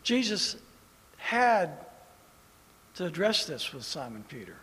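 Pastor, male, high voice, unhurried animated sermon delivery, long hall echo. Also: slightly rough. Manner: animated preaching, swings from loud to hushed.

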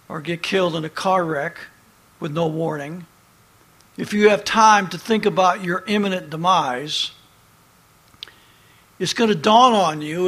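A man preaching a sermon as pastor, reading scripture in slow, emphatic phrases. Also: high voice, a bit bright.

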